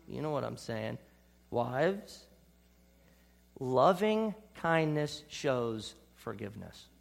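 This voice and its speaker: High-voiced preacher, soft then emphatic. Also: male voice, vocal fry. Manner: swings between soft hushed lines and bold emphatic ones. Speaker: pastor. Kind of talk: sermon. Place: church.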